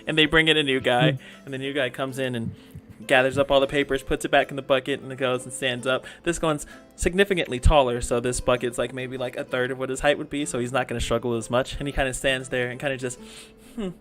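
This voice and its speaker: A man running a tabletop role-playing game as game master, narrating in an animated way and slipping into quick character voices. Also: medium pitch, soft background music.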